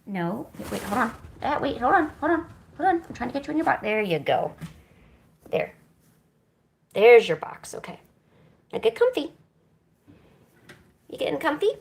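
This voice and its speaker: A woman streamer chats to her cats between drawing sessions, coaxing and teasing them. Her voice sits high and swings widely, with a gravelly fry in the quieter moments. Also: very animated, normal speed, pauses often. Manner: coaxing and playful with pets, soft asides. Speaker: art streamer.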